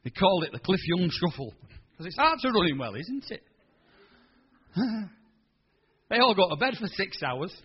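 A man in his sixties preaching a sermon, telling stories in an animated, colloquial way. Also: high-pitched, moderate pace, long pauses, husky, muffled recording. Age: 60s. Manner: animated, colloquial storytelling with quoted voices. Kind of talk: storytelling sermon.

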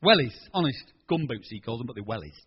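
A man in his sixties preaching a sermon, telling stories in an animated, colloquial way. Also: mid-range voice, fast talker, lo-fi sound, slight background noise. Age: 60s. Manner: animated, colloquial storytelling with quoted voices. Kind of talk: storytelling sermon.

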